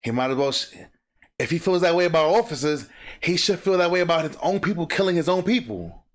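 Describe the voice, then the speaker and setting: A man hosting a reaction video, his high voice swinging widely in pitch. He talks loudly and emphatically, acting out noises and quoted lines as he comments. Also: expressive, fast talker. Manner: loud, emphatic, acts out sounds and quotes.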